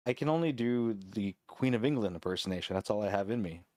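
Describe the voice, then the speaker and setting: A man co-hosting a casual podcast, teasing the others and stammering when he gets excited. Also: fairly low pitch, fast talker, no echo, studio quality. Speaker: co-host.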